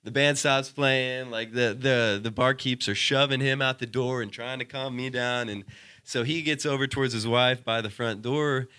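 A man's voice: mid-range voice, steady tone, moderate pace, sharp tone, clear, resonant tone, no room sound. A young man co-hosting a podcast, telling a long story in casual chat, rambling with constant "like" and "dude" and heavy swearing. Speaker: podcast co-host.

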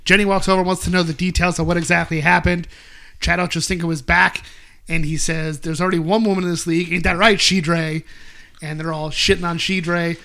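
A man's voice: on the high side, fairly quick, creaky. A man hosting a casual podcast, animatedly recapping an episode and quoting characters. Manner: animated, quotes characters in bursts. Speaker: podcast host.

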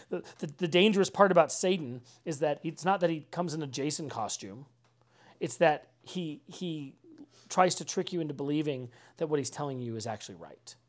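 Conversational pastor, casual sermon delivery. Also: male voice, fairly high pitch, moderate pace. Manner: conversational, peppered with "like" and "right?"; earnest, with dry mocking asides. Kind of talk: informal sermon.

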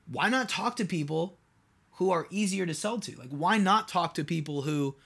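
His voice is high-pitched, gravelly and fairly bright with a breathy edge, and his delivery is animated at normal speed. The man runs his own podcast, a loose solo monologue where he rambles and throws rhetorical questions at listeners, leaning heavily on "like." He's a host and mentor.

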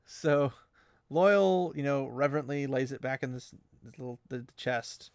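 Excitable man chatting, dry close sound. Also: medium pitch, moderate pace, clear, resonant tone, no echo. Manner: excitable, laughs often, quotes characters in funny voices. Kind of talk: casual chat about a fantasy novel.

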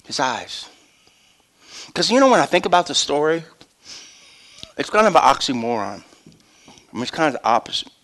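An older man, a pastor, preaching a sermon with animated storytelling that swings between loud and hushed. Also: fairly high pitch, moderate pace, pauses often.

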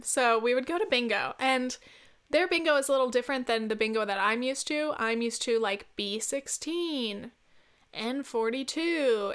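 Woman podcast host, casual and self-deprecating, smooth, a touch high. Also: fairly bright tone. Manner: chatty and self-deprecating, laughs often, many fillers. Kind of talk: casual solo podcast chat.

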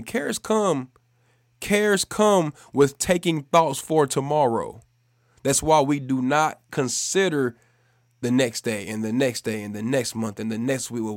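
A man preaching a devotional sermon for a podcast, emphatic and repeating key phrases for stress, speeding up and slowing down to drive points home. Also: mid-range voice, no echo, studio quality.

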